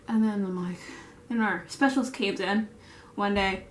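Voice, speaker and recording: This get-ready-with-me chat comes from a bakery store worker who vlogs while putting on her makeup, wandering through work stories full of fillers and false starts. Her medium-pitched voice stays steady and unhurried, and the room is echoey.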